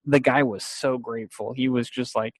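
A man's voice: medium pitch, fairly even intonation, moderate pace, dry recording. A young man telling a long casual story with restarts and quotes, in a dry, close recording. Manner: rambling, with restarts, laughs and acted-out quotes.

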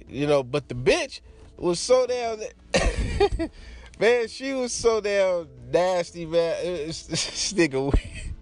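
Lively-voiced man telling a crude story. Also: on the high side. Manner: crude, laughing, acts out quoted voices. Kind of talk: casual storytelling.

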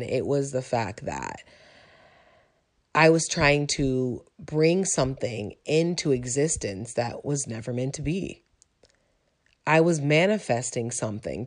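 A woman in her forties sharing a personal testimony about her faith and mindset in a reflective, conversational way, with frequent ums. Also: extremely low pitch. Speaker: teacher sharing a personal story.

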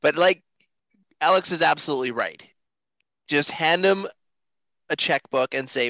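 A man with a bright, forceful voice co-hosts a casual football chat, earnest and emphatic. The recording is close and dry. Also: a little high, measured pace, no room sound, low-quality recording. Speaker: sports podcast co-host. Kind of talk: casual sports talk.

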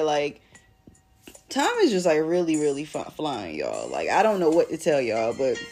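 A young woman hosting a casual solo podcast, chatting in a slangy, rambling way with lots of "like", and feeling emotional today. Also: lowish voice. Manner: slangy and rambling, heavy use of "like". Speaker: podcast host.

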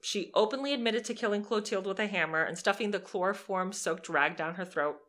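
A young woman co-hosting a podcast, telling a true crime story in a lively, sarcastic way and swearing freely. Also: mid-range voice, brisk. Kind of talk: casual storytelling chat.

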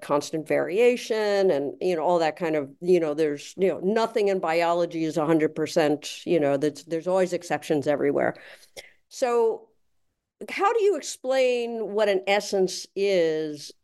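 A woman's voice: lowish voice, a little mellow, clean tone. A woman interviewing an author, asking long rambling questions packed with fillers. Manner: rambling, full of "you know" fillers.

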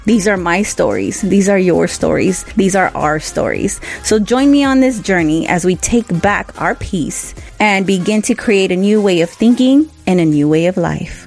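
A woman's voice: lowish voice, animated, moderate pace, creaky, few pauses, darkish tone, faint music behind. A woman hosting a podcast in a casual, playful way, laughing and joking with guests. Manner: playful, laughing, talks with slang. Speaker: podcast host.

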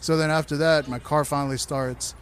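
A man's voice: fairly high pitch, a little fast, slight background noise. A man in casual conversation, telling loose, profane stories about wild nights. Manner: loose, profane, animated anecdotes. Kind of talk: casual chat, storytelling.

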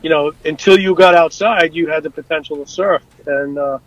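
A man casually telling stories from his time on rescue boats, animated and full of fillers and restarts, acting out what people said. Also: a little high, moderate pace, no echo, low-quality recording. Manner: animated, acts out quotes, many fillers and restarts. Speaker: guest, former rescue boat crewman. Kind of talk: casual storytelling.

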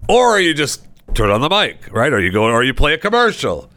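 A man's voice: medium pitch, wildly swooping pitch, brisk, pushed and bright, no echo. A man hosting a podcast, telling rambling stories in a loose, conversational way. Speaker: podcast host. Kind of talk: casual chat.

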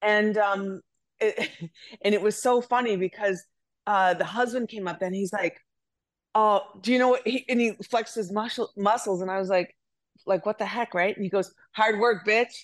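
A woman guest in casual chat, telling stories in a chatty, animated way with frequent restarts. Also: mid-range voice, normal speed.

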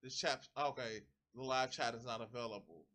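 A man's voice: medium pitch, moderate pace, a bit bright. A man doing heated reaction commentary, ranting with profanity and mocking impressions. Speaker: commentary streamer.

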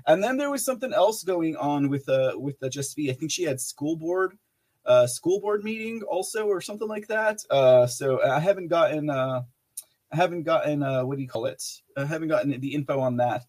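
In a slightly high, slightly mellow voice at a moderate pace, a livestream podcast host reads viewer messages aloud and chats loosely. His talk rambles with frequent fillers and restarts, and he laughs often.

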